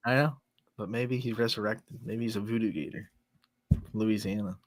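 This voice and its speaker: A man co-hosting a sports show, chiming in with quick jokes and laughing often. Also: lowish voice, fairly even intonation, dry recording, clean studio sound. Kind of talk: casual banter.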